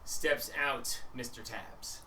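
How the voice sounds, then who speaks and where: Man, game master, rambling narration, bright voice, faint background noise. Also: mid-range voice, takes it slowly. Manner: loose, rambling narration with fillers. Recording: echoey room, distant mic, faint noise.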